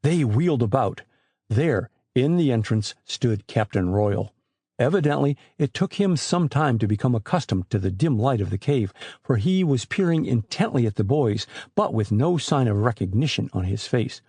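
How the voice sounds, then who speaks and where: A man's voice: mid-range voice, moderate pace, breathy edge, no echo. A man narrating an adventure novel as an audiobook, telling it expressively. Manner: expressive storytelling.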